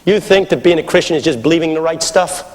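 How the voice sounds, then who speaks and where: A middle-aged man preaching a sermon, swinging from shouted appeals to hushed storytelling. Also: a little high, quick pace, in a large hall.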